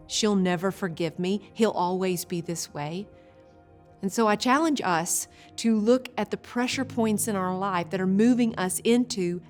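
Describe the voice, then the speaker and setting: A woman teaching a video Bible study, an expressive storyteller who slows down for vivid images. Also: medium pitch.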